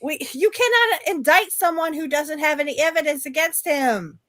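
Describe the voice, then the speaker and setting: A woman's voice: sits high, expressive, normal speed, a bit bright, dry recording. A woman panelist on a casual news show, blunt and angry, swearing freely.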